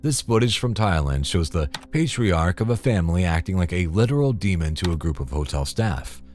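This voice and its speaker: A man with a very low voice reads scripted commentary in a dry, disapproving way, and his pitch moves a lot. Faint music plays under the voice-over. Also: animated, brisk, a little mellow. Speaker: narrator.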